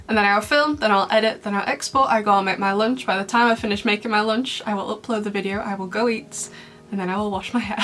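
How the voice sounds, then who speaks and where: A woman's voice: mid-range voice, fairly bright tone. A young woman chatting casually to camera, bubbly and rambling, laughing often. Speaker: YouTuber reviewing fan memes.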